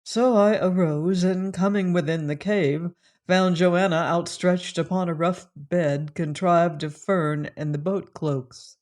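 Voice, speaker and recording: Slow steady audiobook reader, first-person old-style story, careful delivery. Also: mid-range voice. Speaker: audiobook narrator. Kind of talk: scripted narration of a classic novel.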